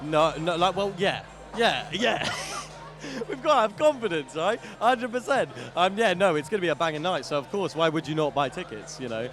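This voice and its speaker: A male comedian answers interview questions eagerly, with plenty of fillers. His voice is fairly high, and he is recorded outside a venue in the city. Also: lively intonation, normal speed, a bit bright, faint music behind. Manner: eager, with lots of fillers and laughter. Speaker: comedian and company co-founder.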